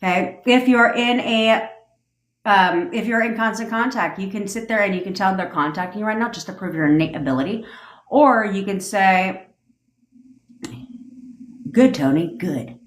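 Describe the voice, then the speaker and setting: A woman's voice: medium pitch, moderate pace, a bit bright. A woman coach hosting a casual livestream, talking bluntly and profanely in a commanding way. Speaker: manifestation coach hosting a live stream. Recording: roomy echo.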